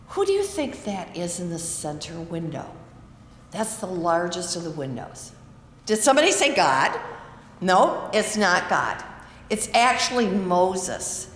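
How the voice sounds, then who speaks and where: Lady showing little kids around a big church, talks slow, lots of hall echo, a bit off mic. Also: medium pitch, a little hiss or hum. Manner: slow, friendly teacher-like questions to kids. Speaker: church guide for a school field trip. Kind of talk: virtual tour for young children. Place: large church sanctuary. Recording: echoey church hall, from afar.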